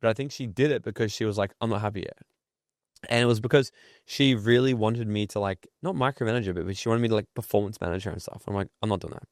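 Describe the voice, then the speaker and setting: A lowish-voiced man talks fast as a guest on a podcast, an entrepreneur who is blunt, profane, and tells stories to get his points across. The casual interview is captured in a dry, studio-quality recording.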